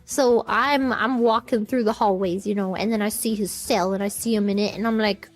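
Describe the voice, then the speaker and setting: A woman's voice: medium pitch, steady tone, moderate pace, few pauses, soft background music. A woman streamer telling a story in a casual, rambling way, often giggling and restarting her sentences.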